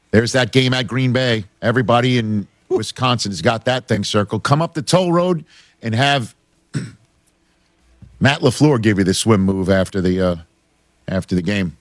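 A man hosting a casual sports talk show, animated and joking, laughing often. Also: medium pitch, measured pace, no echo.

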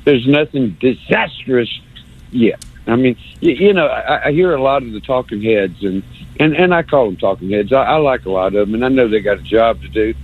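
A man calling in to a radio show, ranting sarcastically with lots of stammering and mocking jumps in pitch. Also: expressive, normal speed, husky. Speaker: caller. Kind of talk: rambling call-in rant. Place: phone call into radio show. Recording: tinny phone line.

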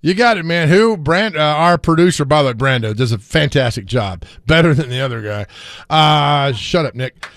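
A man's voice: on the high side, expressive, moderate pace, fairly bright tone, no echo. A man hosting a sports radio show in a studio, joking and laughing as he riffs through casual chat. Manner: jokey, laughs often, riffs on ideas.

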